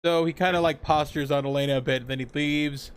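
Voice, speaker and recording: A man's voice: a little high, fairly even intonation, fast talker, clean tone. A man casually recapping a TV episode on a podcast, swearing freely and laughing as he acts out characters' lines. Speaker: podcast co-host.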